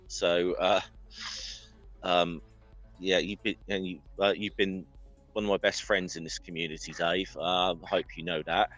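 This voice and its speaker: A man giving a halting tribute on a casual group call, full of fillers and restarts. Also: deep voice, a bit bright, muffled recording.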